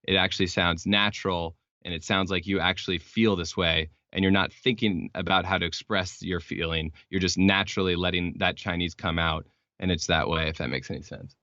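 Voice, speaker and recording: A man's voice: low-pitched, fairly even intonation, a little fast, hardly any pauses, bright, forceful tone, no echo. A young man from Texas, a podcast guest, explaining things in a rambling, casual way with lots of fillers and restarts. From Texas, United States. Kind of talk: casual interview chat. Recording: dull lo-fi sound.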